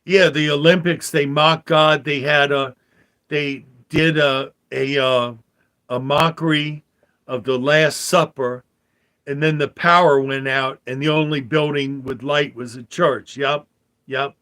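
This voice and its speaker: Older guy rambling on about faith, kinda higher voice, takes his time, lots of uhs and repeats. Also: fairly even intonation, sharp tone. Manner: slow, meandering talk with fillers and repeated phrases. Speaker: vlogger. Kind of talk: rambling religious commentary monologue.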